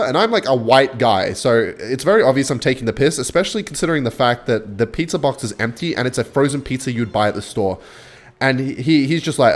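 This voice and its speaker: Young man, gaming commentary, lively voice swinging high and low, chatty storyteller. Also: fairly quick. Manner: excitable, chatty, swings between hype and muttering. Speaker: gaming YouTuber. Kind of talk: live gameplay commentary with storytelling.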